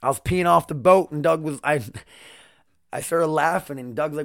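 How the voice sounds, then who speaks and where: A man's voice: on the high side, normal speed, gravelly, fairly bright tone, no room sound, studio quality. A man hosting his own podcast, rambling and swearing in a confessional solo monologue at home. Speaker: podcast host. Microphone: single podcast mic.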